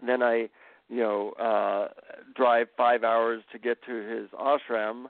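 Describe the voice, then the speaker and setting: A man, a guest author, telling relaxed stories in a casual interview. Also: mid-range voice, slow, no room sound. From America. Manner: relaxed anecdotal storytelling. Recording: tinny phone line.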